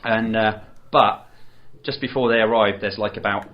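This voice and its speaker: A man's voice: lowish voice, steady tone, moderate pace, slight background noise. A man co-hosting a podcast, chatting casually about a film, rambling with many restarts. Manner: rambling, full of restarts and "you know". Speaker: podcast co-host. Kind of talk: casual chat reviewing a film. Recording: dull lo-fi podcast audio.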